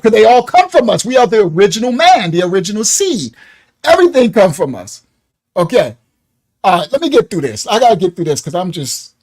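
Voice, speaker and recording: A man hosting a live online ministry stream, commenting on a video in an animated way, laughing often and breaking off to apologize. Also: very high-pitched, low-quality recording.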